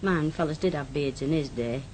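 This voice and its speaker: An actress playing a blunt older aunt, full of tart dialect sayings. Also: female voice, deep voice, moderate pace, a little mellow, slight background noise, close to an everyday voice, rough recording. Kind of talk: radio drama.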